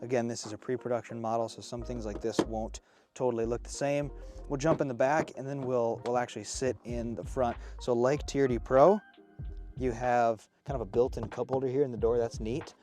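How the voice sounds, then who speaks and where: A man's voice: mid-range voice, fairly quick, soft background music. A man in his thirties giving an enthusiastic, casual walkaround review of a new truck outdoors, a bit out of breath. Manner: enthusiastic, excitable. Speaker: off-road vehicle reviewer.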